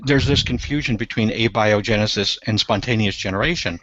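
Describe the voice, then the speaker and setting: A man's voice: on the low side, brisk, a bit bright, no echo. A man co-hosting a casual group video chat, stammering through restarts and telling jokes, over dull lo-fi online call audio.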